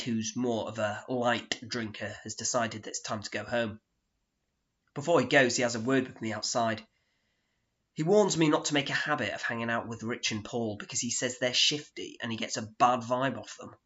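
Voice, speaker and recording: A man performing a solo theatre monologue, narrating in a deadpan, sardonic, self-mocking way, on a dull lo-fi recording. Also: mid-range voice, moderate pace.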